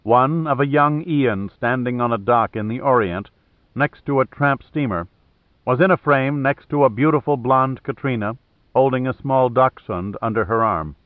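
A man narrating an audiobook in a steady, measured way. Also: medium pitch, no room sound. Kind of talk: scripted narration. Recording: thin phone-like dry audio.

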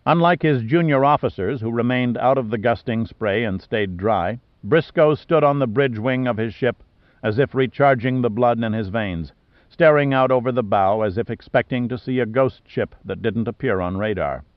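Male narrator for a sea thriller, mid pitch, dull and dry recording. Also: moderate pace, dry recording. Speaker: audiobook narrator. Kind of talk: scripted narration. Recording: dull dry studio audio.

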